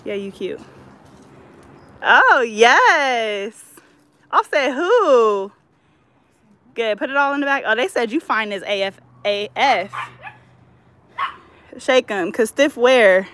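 A woman's voice: a little high, moderate pace. A woman vlogging at home as she shows off fresh braids, chatty and teasing, full of slang. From California Bay Area. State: out of breath. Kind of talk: casual chat to camera.

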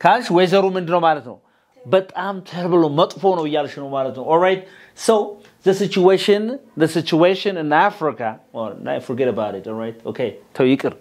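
An Ethiopian-accented man whose native tongue is Amharic teaches English through call and response, prompting students to repeat his words. His fairly high voice is slightly mellow, with lively intonation and a racing pace.

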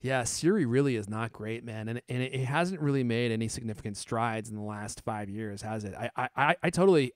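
A man hosting a casual tech podcast, chatting easily with a smooth, resonant voice. His sound is dry and close, with no room around it. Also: mid-range voice, no room sound. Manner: casual and chatty, laughing now and then. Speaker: podcast host.

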